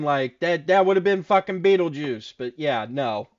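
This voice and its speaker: A man co-hosting a casual chat show, telling stories in a profane, animated way. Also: fairly high pitch, normal speed, few pauses, highs cut off. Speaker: podcast co-host.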